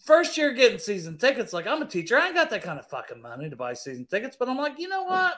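A man telling a sports story in casual chat, animated and profane, laughing as he goes. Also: sits high, fast talker. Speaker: teacher.

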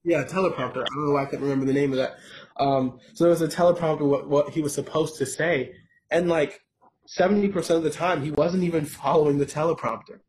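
A man's voice: a little high, steady tone, fast, a little mellow, poor audio. A man co-hosting a casual political podcast who mostly reacts and agrees, with short interjections. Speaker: podcast co-host.

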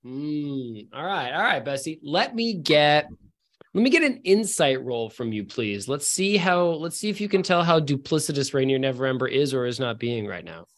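A man's voice: on the high side, very animated, moderate pace, fairly bright tone. A man narrating as game master in a casual, joking way.

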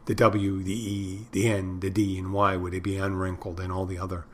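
Middle-aged male podcast host, lowish voice, meandering crude storyteller, faint ambience. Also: level tone, normal speed, a bit bright, a little hiss or hum. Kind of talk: rambling casual monologue.

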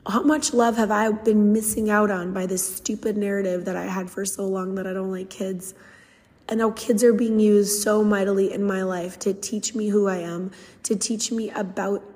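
A woman's voice: medium pitch, a little mellow, big-room sound. A young adult woman hosting a podcast, telling a heartfelt story in an earnest, casual way and acting out quotes. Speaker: podcast host.

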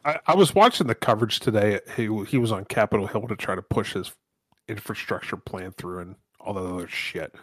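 A man's voice: fairly low pitch, fairly quick, no room sound. A man co-hosting a podcast in casual chat, laid-back and wry. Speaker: podcast co-host.

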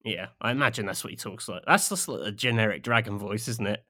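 A man's voice: on the low side, quick pace, bright, forceful tone, no echo. A man co-hosting a podcast in casual chat, dry and self-mocking, often laughing at his own stories. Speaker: podcast co-host.

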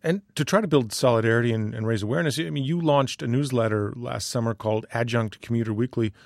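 A man hosting a radio interview in a studio, asking questions in a measured, conversational way. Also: mid-range voice, vocal fry, no echo. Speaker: radio show host.

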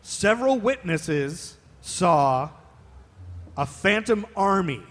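A man's voice: high voice, expressive, takes it slowly, fairly bright tone. A man from Ohio co-hosting a live podcast, telling history stories in a chatty, playful way. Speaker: podcast co-host. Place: live show on a stage. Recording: long reverb of a live stage.

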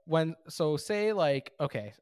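A man's voice: a little high, sing-song, slow, a little mellow, clean tone, no echo, studio quality. A young man co-hosting a podcast, teasing and laughing as he spins hypotheticals. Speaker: podcast co-host. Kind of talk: casual podcast conversation.

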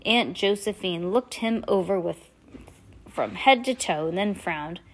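A woman casually reading a novel aloud, relaxed, now and then stumbling and chatting between passages. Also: mid-range voice, a little slow. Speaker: reader.

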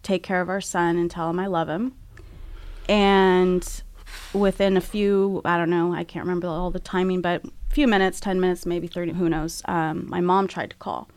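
A woman speaks as a guest, candidly recounting something painful. Her delivery is frank and halting, and she is close to tears. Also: fairly low pitch, level tone, a little mellow. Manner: frank, halting, emotional retelling. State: tearful. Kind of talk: candid personal storytelling.

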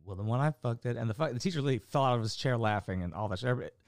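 A man's voice: mid-range voice, rapid-fire, no echo. Rambling, profane man chatting dry. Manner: rambling, profane, many fillers. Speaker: amateur stand-up comic. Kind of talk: casual vlog chat.

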